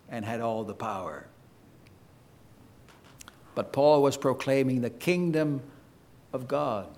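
A pastor preaches a sermon to his congregation in an emphatic, deliberate style, his slow cadence marked by sweeping pitch.

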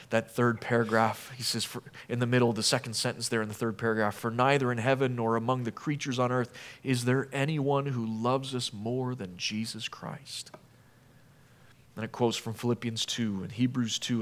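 A man preaching a sermon as pastor, earnest, asking the congregation many questions and swinging from emphatic appeals down to quiet, low passages. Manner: asks the listeners many questions.

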